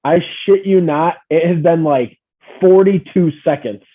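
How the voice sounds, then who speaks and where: A man's voice: fairly high pitch, unhurried. A man co-hosting a podcast, jumping in with jokes and his own stories in a casual chat. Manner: joking, chiming in with quips. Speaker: podcast co-host. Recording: tinny phone-like call audio.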